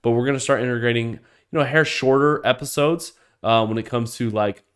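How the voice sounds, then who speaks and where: A man's voice: medium pitch, fairly quick, fairly bright tone, smooth. A man hosting a solo podcast rant, heated and profane, swearing freely and tripping over restarts as he gets worked up. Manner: restarts and repeats words when worked up. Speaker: podcast host.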